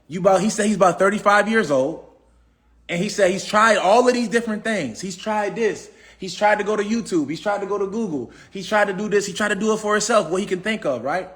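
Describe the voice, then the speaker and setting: Brief: high-pitched man, AAVE, preachy livestream motivational speaker, repeats himself. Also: brisk, fairly bright tone. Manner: preachy, repetitive, asks the audience questions. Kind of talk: casual motivational talk.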